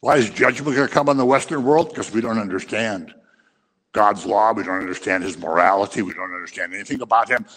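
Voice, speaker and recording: A man's voice: fairly low pitch, fairly quick, fairly bright tone, slightly rough, big-room sound. A man preaching a sermon, impassioned and scolding, who acts out little scenes as he goes.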